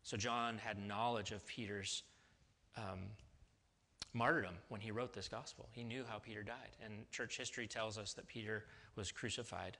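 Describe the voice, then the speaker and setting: A man's voice: fairly low pitch, steady tone, normal speed, pushed and bright. A man preaching a sermon in a casual, conversational way, with restarts and sudden emphatic rises. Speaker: pastor.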